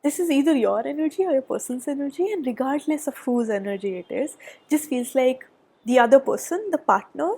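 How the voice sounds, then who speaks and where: A woman doing a pick-a-pile tarot reading, chatty and thinking aloud, with soft murmured asides and a nasal voice from a cold. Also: sits high, lively intonation, brisk. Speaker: tarot reader. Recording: background noise.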